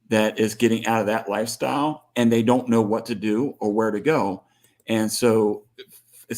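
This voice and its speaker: A rancher speaks earnestly and plainly, with a low-pitched voice. He keeps an easy conversational pace on a livestream. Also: darkish tone. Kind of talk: casual chat.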